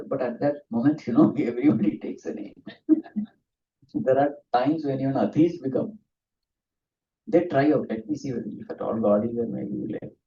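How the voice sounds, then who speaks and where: Swami teaching scripture. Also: male voice, mid-range voice, vocal fry, warm tone. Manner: earnest teacher who laughs often and tells stories. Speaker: swami giving a scripture talk. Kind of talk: spiritual discourse. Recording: distant, dull lo-fi room recording.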